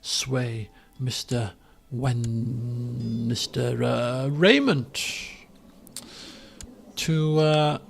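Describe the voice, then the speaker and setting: A man giving casual gameplay commentary, rambling with lots of fillers and the odd excited outburst. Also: medium pitch, drawn-out words, creaky, slightly rough. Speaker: let's play gamer.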